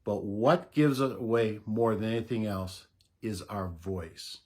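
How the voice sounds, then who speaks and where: A middle-aged man giving unhurried, casual advice to camera as a voice coach, explaining with soft laughs. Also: lowish voice, husky.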